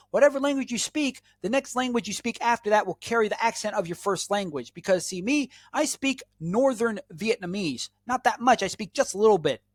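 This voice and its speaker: A man's voice: high voice, dry recording. An American man hosting his own channel, giving an emphatic, repetitive solo monologue that lectures the viewer. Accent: American English. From United States. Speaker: channel host.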